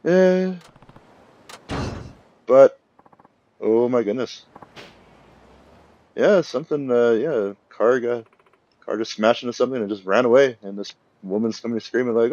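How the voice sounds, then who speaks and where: A young man giving rambling, casual commentary over a game, acting out the characters' lines in quick bursts. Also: mid-range voice, a little mellow, dry recording, dull audio. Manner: rambling, filler-heavy, acts out characters' lines. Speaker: let's play commentator.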